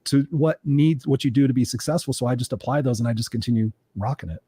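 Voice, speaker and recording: A life coach tells his story at a rapid clip, animated and candid, with casual swearing. His voice is dry and close, with no room around it. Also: mid-range voice, breathy edge, no echo. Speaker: coaching guest.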